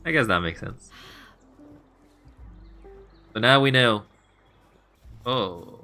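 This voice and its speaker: A male streamer rambles casually to his chat while playing, often breaking into laughter. His voice is bright and forward at a middle pitch. Faint music plays behind him. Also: expressive, very slow.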